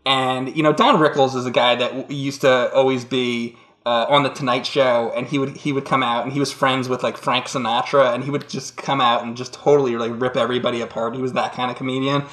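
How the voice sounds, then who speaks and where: A man's voice: mid-range voice, level tone, a little fast, few pauses, a bit bright. A man co-hosting a casual chat, telling rambling stories with laughs and acted-out voices. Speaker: co-host. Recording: roomy echo.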